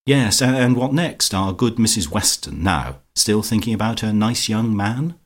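In an audiobook character voice, a man with a lowish voice plays an imperious, catty woman who rules village society. His intonation is lively and his speed normal as he delivers her lines with sugary, sarcastic malice.

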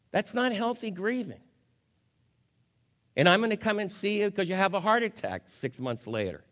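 A male pastor preaching at a funeral with a fairly high voice. He speaks earnestly and conversationally, addressing the congregation directly. A long reverb trails his words through the church sanctuary. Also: fairly bright tone. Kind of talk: funeral sermon.

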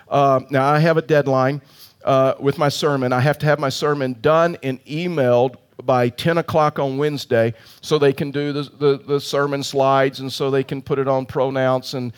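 A man's voice: medium pitch, clean tone. A male pastor telling a funny story in his sermon, chatty and self-mocking, often starting again with "and so".

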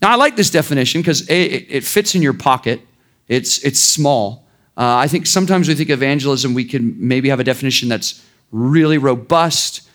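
A man's voice: medium pitch, expressive, normal speed, a bit bright. A man preaching a sermon in an informal, conversational way, with sarcastic asides and frequent restarts. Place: church.

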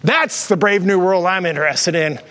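A high-voiced man preaching in a church, with a long hall reverb trailing his words. He is a pastor in his fifties telling personal stories with animated energy, putting on voices when he quotes people. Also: moderate pace. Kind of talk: sermon with storytelling.

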